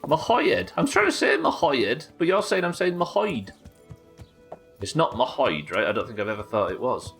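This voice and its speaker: A man's voice: medium pitch, big pitch swings, quick pace, vocal fry, hardly any pauses, a bit bright, soft background music. A man streaming a game live, chatting casually with his viewers and swearing freely as he goes. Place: home streaming setup.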